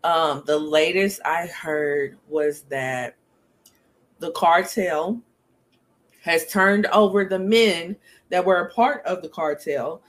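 Here the woman's pitch sits fairly low, and she takes her time. It's relaxed podcast chatter from the host: frank, full of filler ums, and broken up by frequent laughs.

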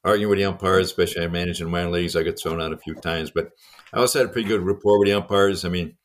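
Older male co-host, low voice, rattles off coaching stories fast with a laugh. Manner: fast, lively anecdotes with chuckles. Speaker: podcast co-host and former baseball coach. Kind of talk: casual storytelling conversation.

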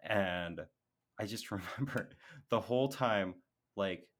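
A young man co-hosting a casual podcast, his voice sitting a bit low. He tells school stories in a loose, chatty way, full of fillers and laughter. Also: slow pace. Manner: laughs often, storytelling with many "like" fillers. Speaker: podcast co-host and music teacher. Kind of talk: casual chat.

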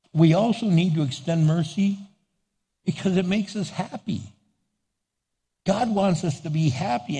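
A man's voice: high voice, darkish tone, husky, in a large hall. A man preaching a sermon as pastor, playful, acting out little dialogues and laughing often.

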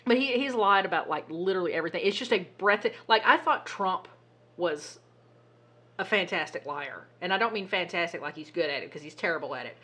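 Husky, animated woman podcast host. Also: lowish voice, a little fast. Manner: animated, exasperated storytelling with swearing. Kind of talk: casual chat.

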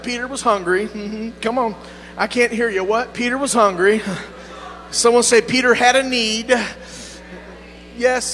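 Man preaching, high bright voice, call-and-response, booming reverb, soft music underneath. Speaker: pastor. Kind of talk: sermon. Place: church sanctuary. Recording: music behind, long hall reverb.

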